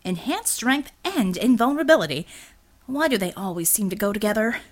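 A woman's voice: medium pitch, expressive, brisk, close to an everyday voice. A woman voicing a sardonic, wisecracking male gunslinger hero in an audiobook. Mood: wry. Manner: sardonic, dry quips.

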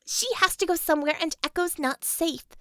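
A woman voicing a firm, caring female leader in a storybook, persuasive and steady. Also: sits high, normal speed, dry recording, studio quality, voice pushed up.

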